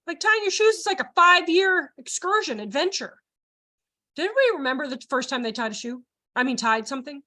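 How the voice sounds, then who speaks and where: A woman leading an online child care training, animated and laughing often as she acts out voices. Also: sits high. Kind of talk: live online training presentation.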